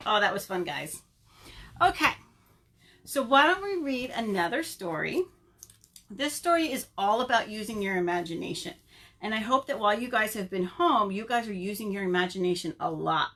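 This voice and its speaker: A woman working as a children's librarian, reading a picture book aloud in an animated, sing-song way and asking the children questions, recorded at home. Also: mid-range voice, normal speed, a little hiss or hum. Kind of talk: storytime read-aloud for children.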